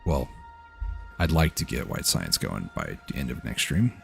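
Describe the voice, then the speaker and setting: A man's voice: a bass voice, moderate pace, vocal fry, faint music behind. A man streaming a game, talking casually to himself as he plays. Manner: relaxed, muttering to himself while playing. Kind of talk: casual gameplay commentary.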